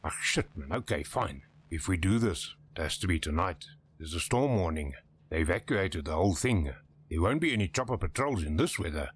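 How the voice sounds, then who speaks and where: An actor playing a rugged older-brother helicopter tour pilot with a South African accent, blunt and easygoing, in a game. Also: male voice, sits low, lively intonation, fairly quick, a little hiss or hum. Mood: gruff.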